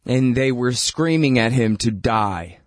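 A man's voice: medium pitch, expressive, measured pace, dry recording, studio quality. Blunt man hosting a radio talk show. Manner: blunt, heated, conversational with many fillers. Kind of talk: opinionated political commentary.

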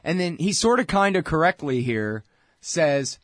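A man's voice: fairly high pitch, sing-song, unhurried, no room sound, clean studio sound. A man hosting a talk show, rambling in a blunt, sarcastic way between ad reads. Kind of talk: casual political talk and ad reads.

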